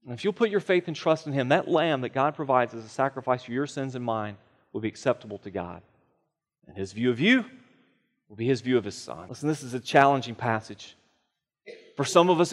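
A man's voice: mid-range voice, long reverb tail. A man preaching a sermon as pastor, earnest and emphatic, repeating phrases for weight. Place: church sanctuary.

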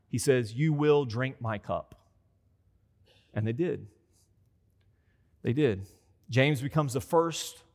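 A man preaching a conversational sermon as a pastor. He repeats phrases for emphasis and acts out quoted voices. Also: medium pitch. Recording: long hall reverb.

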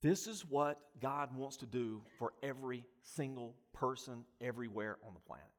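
A man's voice: mid-range voice, normal speed, few pauses. A man preaching a sermon, pressing rhetorical questions and building emphasis through repetition. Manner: animated preaching, voice rising and falling with emphasis. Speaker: pastor.

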